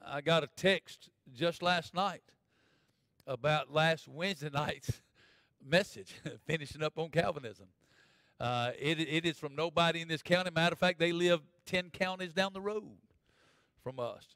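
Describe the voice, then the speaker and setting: A man preaching a sermon as pastor, folksy, swinging from loud preaching to quiet asides. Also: on the high side, normal speed, no room sound. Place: church.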